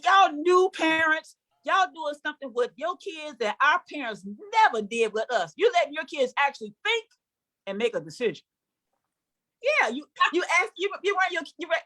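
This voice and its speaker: A woman's voice: high-pitched, fairly bright tone. An older woman performing a sassy, conversational stand-up comedy set on stage before a live audience, teasing the crowd.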